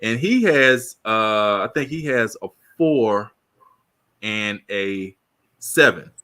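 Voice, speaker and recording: A man's voice: on the low side, slow pace. A man in his fifties co-hosting a casual chat, joking and laughing as he tells stories. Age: 50s. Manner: laughing, joking, animated storytelling. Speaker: podcast co-host.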